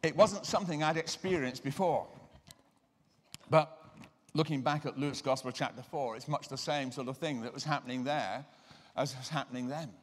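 A man giving a sermon-style lecture. He tells personal stories and slows down to stress key words. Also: mid-range voice, a little hiss or hum. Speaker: guest lecturer and deliverance minister. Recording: reverberant lecture hall.

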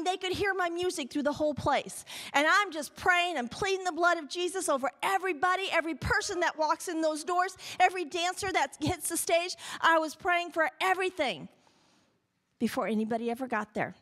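Woman, middle-aged, church testimony, high bright voice, animated storytelling. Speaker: church member giving a testimony. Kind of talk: spoken testimony to a congregation. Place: church sanctuary.

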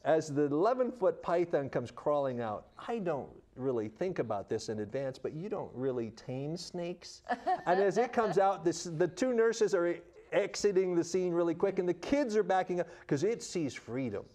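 A man's voice: on the high side, normal speed. A middle-aged man telling stories in an interview as a children's missionary, acting out the people he quotes. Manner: animated storyteller acting out quotes. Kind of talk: storytelling in an interview.

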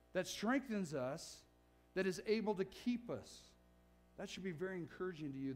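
High-voiced man preaching a sermon. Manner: earnest, emphatic preaching with frequent "right?" asides. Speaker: pastor. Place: church.

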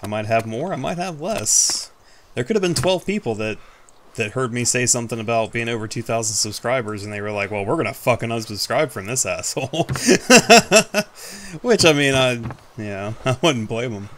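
A man's voice: medium pitch, a little fast, fairly bright tone, slight background noise. A man giving casual, rambling commentary over his own gameplay, self-mocking and casually swearing. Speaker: gaming YouTuber.

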